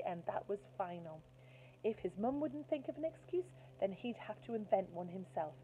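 A woman, a primary school teacher, reading a children's storybook aloud in an expressive way, heard through a tinny phone-like line. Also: medium pitch, normal speed, a little hiss or hum.

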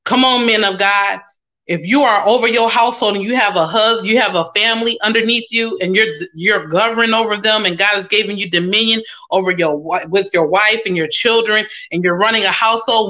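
A woman's voice: medium pitch, fairly quick, sharp tone, lo-fi sound. A woman minister preaching a sermon, reading scripture aloud and then applying it with call-and-response asides.

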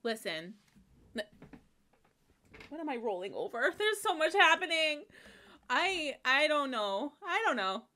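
A woman's voice: sits high, sing-song, measured pace, pauses often, sharp tone. A young woman hosting a video reaction, hyper and gushing, swearing and shrieking as she comments. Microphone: headphones on while recording.

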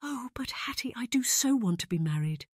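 A woman's voice: deep voice, moderate pace, a little mellow, no echo, studio quality. A woman narrator voicing a tearful, emotional young woman who wails and pleads, in an audiobook reading. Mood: distraught. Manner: wailing, pleading.

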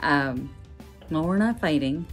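A woman's voice: low voice, animated, takes it slowly. Rambling, laughing middle-aged woman vlogger. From Minnesota, USA. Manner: talkative, rambling, laughs often. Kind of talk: casual chatty vlog. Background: background music.

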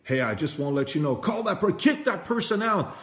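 A man putting on the high voice of a saintly old nun who has turned angry and is yelling people out of the room. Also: sing-song, brisk. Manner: shrill, yelling, indignant. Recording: echoey room.

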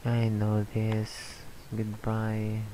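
A man reading aloud the lines of a pushy game shopkeeper with a salesy pitch. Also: completely flat delivery, drawn-out words, dark tone, a little hiss or hum, rough recording. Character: pushy bargain-shop keeper in a game.

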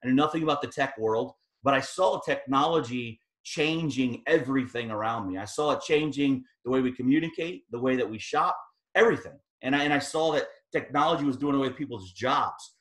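A man giving an energetic motivational talk as guest speaker, telling his story with emphatic peaks. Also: mid-range voice, a little fast. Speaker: guest speaker at team training. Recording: echoey room.

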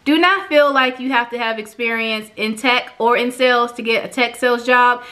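A young woman telling her own story in a casual vlog, chatty and animated, acting out quoted dialogue, emotional and close to tears. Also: moderate pace. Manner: chatty and animated, acts out quoted dialogue with big pitch jumps. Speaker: vlogger reviewing an online course.

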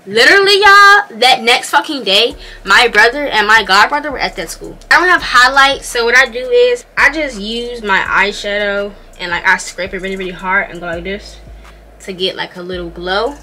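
A young woman telling a story to her viewers while doing her makeup, animated and slangy, often calling out to them as y'all. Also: fairly high pitch, moderate pace. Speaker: vlogger.

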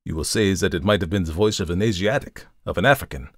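A man voicing a methodical male detective who explains his reasoning in a measured, formal way, in a storybook reading. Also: sits low, dry recording, clean studio sound. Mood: lecturing. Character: coolly analytical male detective, methodical, lecturing. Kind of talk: audiobook reading of a classic story.

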